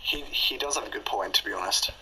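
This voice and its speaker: Brief: young guy, very bright tense voice, rambly storytime with ums and laughs. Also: lowish voice, quick pace, rough recording. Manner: rambling, filler-heavy, laughs often. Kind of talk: casual storytime chat.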